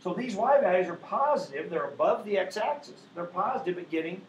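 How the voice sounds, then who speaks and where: In a math classroom lecture, a man with an expressive high voice talks a little fast, patiently explaining each step and constantly checking in with a "right?" The sound is lo-fi, and the room is echoey with faint background noise.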